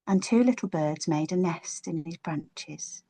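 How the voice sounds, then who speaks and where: Female storyteller, expressive children's tale, playful delivery. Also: lowish voice. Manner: expressive, playful, drawn-out words.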